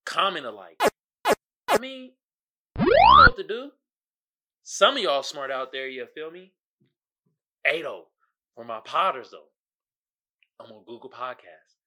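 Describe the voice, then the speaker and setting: Male solo podcast host, very bright, sharp voice, swings wide in pitch; casual slang, laughs, loud bursts. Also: measured pace, pauses often. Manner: animated, laughing, breaks into loud outbursts; slangy, addresses listeners directly.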